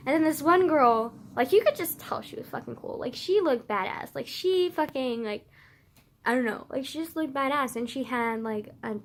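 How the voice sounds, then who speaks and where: A woman's voice: sits high, normal speed, a little hiss or hum. A young woman telling a personal story in a casual vlog, rambling with constant "like" and casual swearing.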